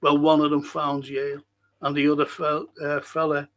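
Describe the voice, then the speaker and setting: An older man with a Liverpool accent, hosting a casual livestream and chatting through viewer comments in a rambling way with excitable bursts. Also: on the high side, normal speed. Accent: Liverpool (Scouse). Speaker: livestream host reading chat.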